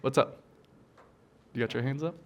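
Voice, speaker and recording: A man joking as he speaks at his mother's memorial, playful and halting, with fillers. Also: medium pitch. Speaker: son of the deceased, eulogy speaker.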